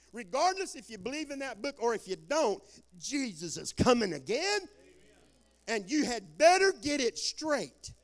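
A man preaching a sermon in a folksy storytelling way, joking with the congregation and dropping into quiet asides. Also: very high-pitched. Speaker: guest preacher.

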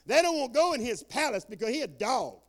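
An older man preaching a folksy sermon, calling out for amens and swinging between loud bursts and quiet asides. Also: very high-pitched, very animated, fast. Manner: folksy Southern preaching, calls for amen, swings loud and soft.

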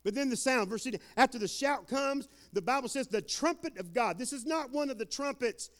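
Pastor, male; folksy, energetic preacher, voice pitched high and full of swings. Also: brisk. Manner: animated, whooping and shouting, folksy preaching. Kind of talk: lively sermon.

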